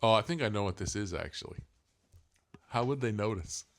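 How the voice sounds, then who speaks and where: Rambling middle-aged dad, lower voice. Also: male voice, lively intonation, a little fast, fairly bright tone. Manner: rambling, explaining, self-deprecating. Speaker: podcast co-host, father. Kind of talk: casual family chat.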